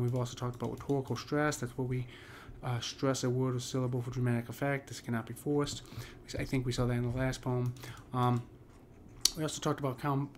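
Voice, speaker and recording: Male poetry tutor, monotone delivery, halting with fillers and restarts, faint background hiss. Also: mid-range voice. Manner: halting, many ums and restarts. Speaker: poetry teacher. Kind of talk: casual explanatory lesson.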